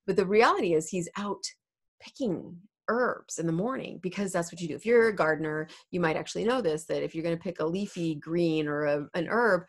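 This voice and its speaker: A woman teacher from the United States, with a lowish voice, talks through a play scene at home in an easy, chatty way. She explains things plainly and speaks into a desk mic. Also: brisk. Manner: chatty and explanatory, laughs easily. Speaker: English teacher. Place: home room.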